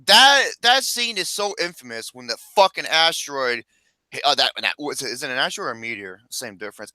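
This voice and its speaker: A man hosting a casual movie chat podcast, loud and excitable, swearing and laughing often. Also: a little high, dry recording. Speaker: podcast host.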